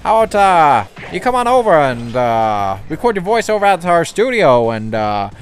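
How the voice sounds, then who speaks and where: A man's voice: on the high side, big pitch swings, normal speed. A man voicing a brash, salesy male talent scout from television.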